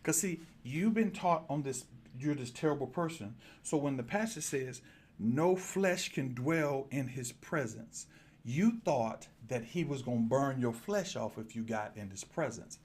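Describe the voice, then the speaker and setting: A man's voice: mid-range voice, moderate pace, few pauses, breathy edge. A man preaching a sermon, speaking straight to his congregation and moving a handheld microphone as he goes. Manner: lively preaching, direct address to congregation. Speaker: pastor.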